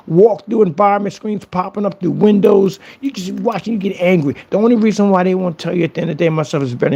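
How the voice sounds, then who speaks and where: A man's voice: fairly high pitch, creaky, darkish tone, breathy edge. A man vlogging a casual, boastful rant to camera, taunting his critics and repeating phrases for effect. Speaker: business owner and vlogger.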